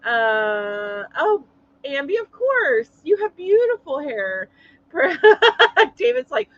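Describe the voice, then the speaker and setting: High-voiced chatty woman hosting a live stream. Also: very animated, unhurried, a bit bright, lo-fi sound. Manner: chatty, greets viewers, laughs often. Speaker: livestream host. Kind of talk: casual live chat.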